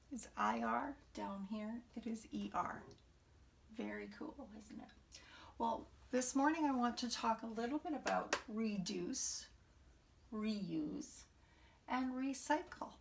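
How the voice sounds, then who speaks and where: Slow, gravelly woman teaching young kids. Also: mid-range voice, distant mic, slight background noise. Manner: slow, sing-song teacher talk with questions to the class. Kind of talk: morning message lesson for young children.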